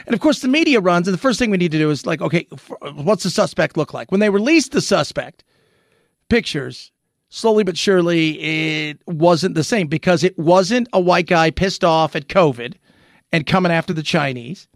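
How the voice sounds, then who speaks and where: A man hosting a commentary show, talking through the news in an animated, rhetorical way, often restarting his sentences. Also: high-pitched, moderate pace, no echo, clean studio sound.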